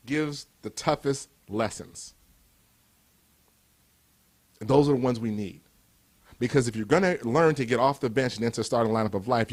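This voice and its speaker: A man in his fifties from Cleveland, giving a motivational speech with emphatic, repeated rhetorical build-ups. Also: medium pitch. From Cleveland, USA. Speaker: motivational speaker.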